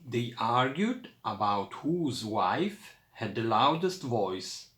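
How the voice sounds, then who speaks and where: Slow, lively male storyteller. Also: mid-range voice, reverberant. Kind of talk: children's picture book read-aloud.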